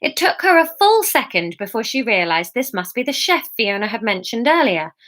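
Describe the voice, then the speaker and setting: A woman's voice: on the high side, sing-song, normal speed, fairly bright tone. A woman author reading her own novel live, with chatty, giggly, self-mocking asides to her viewers.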